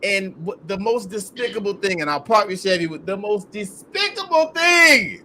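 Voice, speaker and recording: Ranting bright-voiced male podcast host. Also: high voice, lively intonation, moderate pace, few pauses. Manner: ranting, profane, incredulous. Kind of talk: heated commentary.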